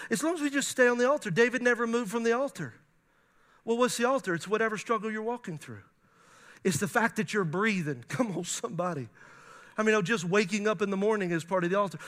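A male pastor preaching to a congregation in an animated style, with playful asides and laughter. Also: sits high. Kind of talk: sermon. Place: church before a congregation.

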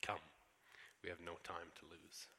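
Man doing a gentle solemn lion, slow and grave, bright tone in a big hall. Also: sits low, a little hiss or hum, voice pushed down, exaggerated voice. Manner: calm, grave, measured. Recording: echoey hall.

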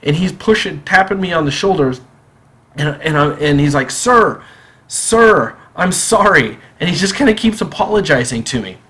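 A man telling a personal story on a podcast in a casual, animated way, acting out the dialogue. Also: a little high, a little fast. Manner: animated, acts out quoted dialogue.

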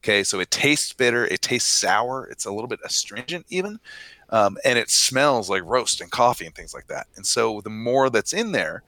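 A man in a casual podcast chat who explains brewing with easy patience. His voice sits low yet sounds bright and crisp. The sound is dry and close. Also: dry recording. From Minnesota. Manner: explanatory, easygoing, laughs often. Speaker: brewing expert guest.

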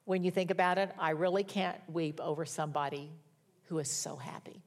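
A woman's voice: low voice, fairly even intonation, fairly quick. An older woman preaching a sermon in a conversational, folksy storytelling manner with wry humor. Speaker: pastor.

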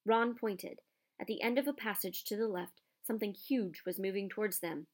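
Woman audiobook narrator, mid-pitched, expressive storyteller. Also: normal speed.

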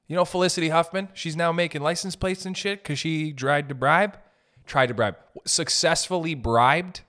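Man, young adult, podcast host, comedic rant, swearing, laughing, slightly high pitch. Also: moderate pace. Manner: animated, swearing, laughing, mock voices.

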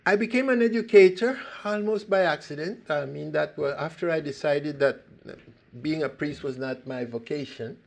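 Older man, gravelly earnest speaker. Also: fairly high pitch, normal speed. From Costa Rica. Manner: earnest, emphatic, with sudden loud rises. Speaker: speaker giving a talk. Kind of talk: public talk with questions.

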